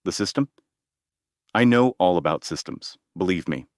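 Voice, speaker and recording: A man's voice: low voice, animated, normal speed, no room sound, clean studio sound. A man reading the lines of a blunt, boastful older male president, in a direct manner full of superlatives. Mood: insistent.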